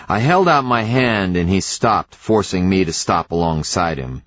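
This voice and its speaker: A man narrating an audiobook in the first person, with a measured, reflective reading. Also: sits low, lively intonation, a bit bright, no echo. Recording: slightly dull, dry studio recording.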